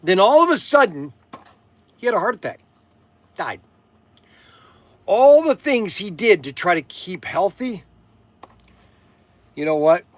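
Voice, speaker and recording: A man's voice: high-pitched, big pitch swings, a little slow, pauses often, dry recording. An older man hosting a live chat from his shop, rambling and interrupting himself with chuckles. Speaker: shop owner and show host.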